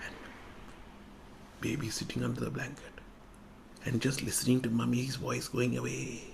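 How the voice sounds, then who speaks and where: A man who is a spiritual teacher telling a story in a discourse, animated and acting out voices, sometimes dropping to a hush. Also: medium pitch, normal speed, gravelly, a little hiss or hum.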